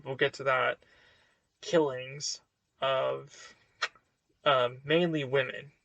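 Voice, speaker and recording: A man's voice: medium pitch, gravelly, fairly bright tone, no echo. A man giving a casual book review to camera, hesitant and full of fillers and restarts.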